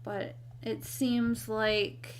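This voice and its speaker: Slow, hesitant woman live-streaming. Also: fairly high pitch, little pitch movement, a little hiss or hum. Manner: hesitant, many fillers. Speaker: channel host.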